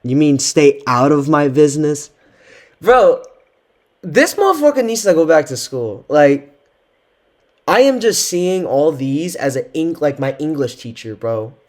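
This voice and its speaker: A man's voice: fairly high pitch, very animated, measured pace. A man giving casual reaction commentary on text messages he is reading, exasperated and slangy, swearing often. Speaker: content creator.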